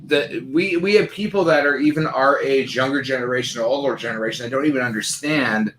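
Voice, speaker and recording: A man's voice: medium pitch, fairly quick, noisy background. A man on a casual live online show, rambling with many fillers like "like" and "right". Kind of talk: casual chat.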